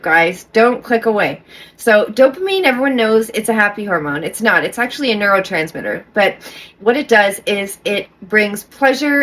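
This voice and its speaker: A woman's voice: medium pitch, a bit bright. A middle-aged woman talking casually to camera as a vlogger, rambling with restarts and often checking in with "okay?".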